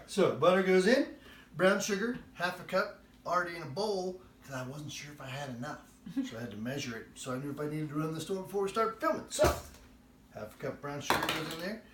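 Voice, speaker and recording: In his home kitchen, a man with a slightly high voice hosts a cooking show, baking while telling a funny family story like an animated comic storyteller. The audio is echoey and distant, with some background noise.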